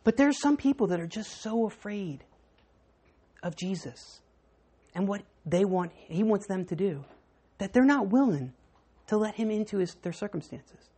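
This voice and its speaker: A woman preacher giving a sermon, telling a story with animated, dramatic swings. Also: mid-range voice, normal speed, pauses often, breathy edge.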